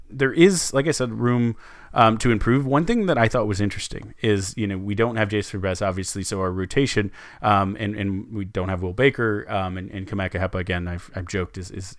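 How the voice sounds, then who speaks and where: Guy with a lowish voice chatting hoops on a podcast, lots of ums and restarts, dry close mic. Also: no room sound. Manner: rambling, many fillers and restarts. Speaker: sports podcast co-host. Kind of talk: casual sports chat.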